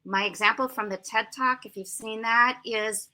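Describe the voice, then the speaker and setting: An American woman in her sixties, a language teacher, giving lively, emphatic explanations as an interview guest. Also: fairly high pitch, a little fast, few pauses. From United States. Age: 60s. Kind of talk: conversational interview answers.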